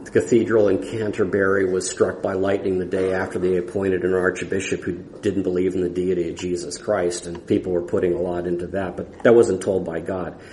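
Male preacher, low mellow voice, earnest and halting, Bible-study sermon recorded in a reverberant church hall. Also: slight background noise. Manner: earnest, halting with restarts and fillers. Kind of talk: expository sermon.

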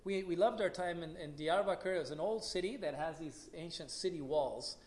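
A man in his forties, a missionary speaking to a church congregation, relaxed and unhurried with many "uh" pauses, and leading a short prayer. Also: fairly high pitch, slight background noise. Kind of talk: casual church talk with a prayer.

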